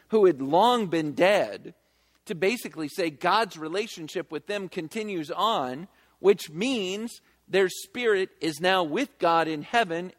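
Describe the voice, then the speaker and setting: A man preaching a sermon, emphatic and animated, with quick conversational asides. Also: high voice. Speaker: pastor. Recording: long hall reverb.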